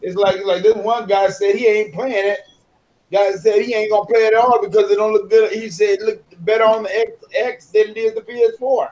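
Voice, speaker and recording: A man on a casual gaming podcast, telling animated stories about other gamers. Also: sits high, a little fast, poor audio. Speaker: podcast co-host.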